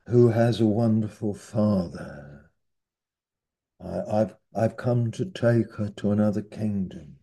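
A man delivering a sermon in a low, mellow voice. He speaks slowly and reflectively, pausing between phrases as he works through scripture. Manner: unhurried, reflective preaching with scripture readings. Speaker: preacher.

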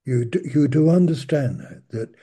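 A man teaching from the Bible in an informal, conversational way, slow and halting, often restarting his sentences. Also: fairly high pitch, dark tone, slightly rough. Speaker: preacher.

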